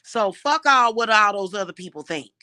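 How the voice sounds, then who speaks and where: Sassy woman ranting love advice, sharp bright voice, swears a lot, dry close sound. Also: medium pitch, lively intonation, moderate pace, dry recording. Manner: blunt, emphatic, swears freely. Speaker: spiritual advisor giving love advice. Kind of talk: casual monologue.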